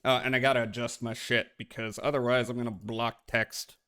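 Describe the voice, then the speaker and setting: Bright-voiced man rambling on stream. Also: medium pitch, little pitch movement, a little fast, smooth. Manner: rambling and profane, talks to chat. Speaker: live streamer. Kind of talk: casual live-stream chatter while gaming.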